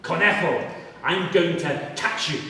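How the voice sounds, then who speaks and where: A man voicing a hungry, menacing male jaguar in a told folk tale, low and threatening. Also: measured pace, sharp tone, a little hiss or hum. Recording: echoey hall, voice from far off.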